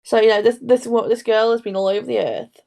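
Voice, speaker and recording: Talking fast with a creaky, dark voice that's a little high and steady in tone, a young co-host rambles through a story on a casual true crime podcast, repeatedly interrupting herself.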